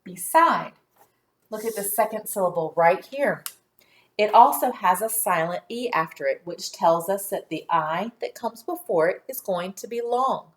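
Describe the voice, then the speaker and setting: Woman, primary school teacher, unhurried, clear, patient, sounds out letters. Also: medium pitch, animated. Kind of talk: phonics lesson for young children.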